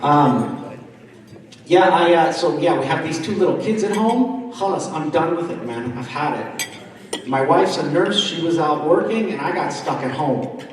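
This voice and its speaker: Animated and a little slow, a man with a slightly high voice performs stand-up at a dinner, bantering with the crowd and often quizzing them. He's from the East Coast of the United States, near Washington, D.C. His voice reaches the mic from far off in an echoey hall.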